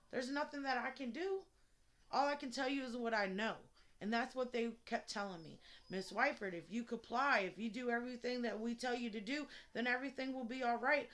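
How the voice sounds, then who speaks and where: A woman's voice: fairly high pitch, a bit bright. A woman talking straight to her viewers in a personal vlog, emotional and blunt, swearing freely, recorded indoors at home. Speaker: vlogger.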